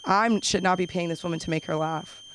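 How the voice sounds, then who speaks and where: A young woman doing an open mic stand-up set, rambling with quick self-deprecating asides. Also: on the low side, fairly bright tone, slight background noise, rough recording. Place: small comedy club.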